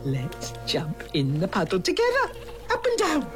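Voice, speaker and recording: An actor playing a working-class woman recalling her past in soft, intimate, whispered narration. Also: medium pitch, wildly swooping pitch, a little slow. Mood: playful. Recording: music underneath.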